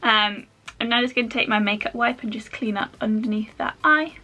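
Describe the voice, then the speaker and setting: A woman's voice: on the high side, fairly quick, bright, forceful tone. A woman chatting her way through a makeup tutorial at home, rambling with self-mocking asides as she works. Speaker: makeup vlogger.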